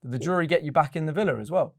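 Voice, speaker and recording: A cheeky man with a London accent fires back quick jokes as a guest. He talks fast in a slightly high voice. The sound is dry and close. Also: dry recording. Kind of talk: casual chat.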